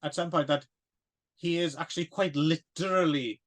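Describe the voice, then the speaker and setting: A man's voice: on the high side, steady tone, normal speed, a bit bright. A man co-hosting a casual film podcast, rambling and hesitant with plenty of fillers and self-deprecating asides. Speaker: podcast co-host.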